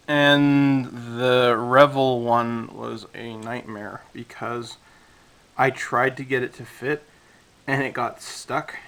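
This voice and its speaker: This is a man with a mid-range voice, chatting loosely about his model kit. His talk is relaxed and full of fillers, and he sounds a bit winded. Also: medium pitch, rough recording. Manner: relaxed, rambling, with many fillers. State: out of breath. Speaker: scale model hobbyist. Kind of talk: casual build commentary.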